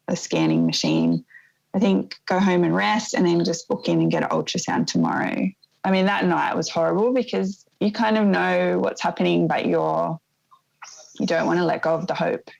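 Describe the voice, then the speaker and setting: A woman in her thirties telling a painful personal story in an interview, in a soft, reflective way that often halts and starts again. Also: fairly low pitch, gravelly, highs cut off. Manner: soft, reflective, halting with restarts. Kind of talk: emotional personal testimony.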